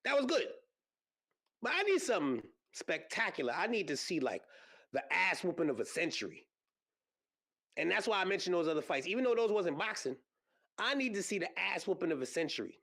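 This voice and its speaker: Male podcast host, casual and animated, bouncy pitch, lots of filler words. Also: fairly quick, gravelly. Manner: animated, rambling, frequent fillers and exclamations. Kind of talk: casual solo podcast chat about combat sports. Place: podcast studio.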